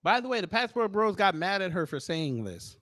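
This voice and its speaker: A man hosting a commentary show, reacting in a mocking, slangy and animated way. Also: high voice, fairly quick.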